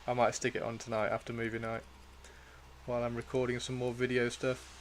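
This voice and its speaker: A man's voice: medium pitch, completely flat delivery, fairly quick, a little hiss or hum. A man chatting casually on a livestream, laughing and encouraging viewers with their sculpting. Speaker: livestream host. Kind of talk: casual livestream chat while sculpting miniatures.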